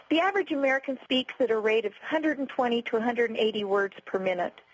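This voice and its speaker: A woman giving a scripted customer service training lecture in a clear, instructive, evenly paced way. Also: a little high, poor audio.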